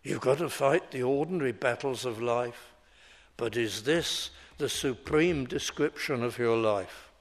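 A man preaching a sermon at an unhurried, deliberate pace. His voice sits at an ordinary middle pitch. He explains scripture carefully and leans on each quoted verse. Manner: measured expository preaching, slowing to stress quoted scripture.

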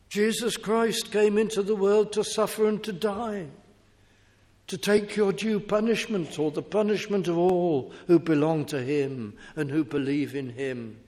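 A man's voice: high-pitched, fairly even intonation, a little slow, a little mellow, pitched above the performer's own voice. A man voicing God pleading with a foolish man out of pity and sadness, in an echoing hall. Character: sorrowful, pitying God pleading with a fool. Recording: echoey hall reverb.

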